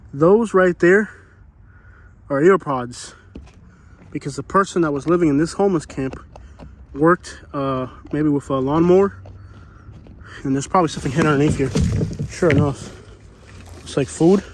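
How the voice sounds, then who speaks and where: A man's voice: a little high, slight background noise. Breathless rambling man hiking outdoors. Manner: rambling, folksy, says "you know" a lot. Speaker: vlogger exploring homeless camps. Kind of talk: casual walking vlog narration. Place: outdoors in hot woods. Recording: faint outdoor ambience.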